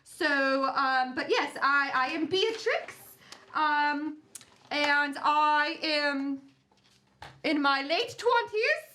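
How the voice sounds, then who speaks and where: High bright woman playing a tabletop game. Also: lively intonation, drawn-out words. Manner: prim, refined character voice. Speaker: player.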